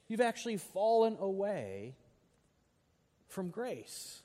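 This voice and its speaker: A man preaching with a fairly high voice, speaking to his congregation in a relaxed, conversational way. When he reads scripture he leans hard on the words. His voice carries a long reverb from the church hall. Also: a little slow. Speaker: pastor. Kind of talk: sermon.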